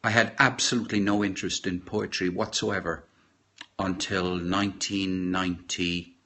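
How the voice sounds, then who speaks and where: A middle-aged Irish man chatting casually on a live stream from his kitchen, rambling and halting with many fillers and restarts. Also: sits low, steady tone, pushed and bright. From Ireland. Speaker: podcaster. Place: home kitchen.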